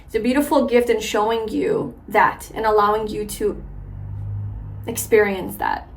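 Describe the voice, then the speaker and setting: A woman's voice: a little high, a little hiss or hum. A young woman giving a casual tarot reading to a viewer, chatty and full of filler words. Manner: chatty, warm-hearted, lots of filler likes and ums. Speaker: tarot reader.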